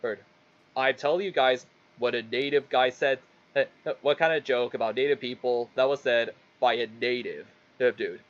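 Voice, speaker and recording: A man's voice: medium pitch, normal speed, lo-fi sound. A man casually telling a rambling, stumbling story, swearing often as he goes. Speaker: streamer.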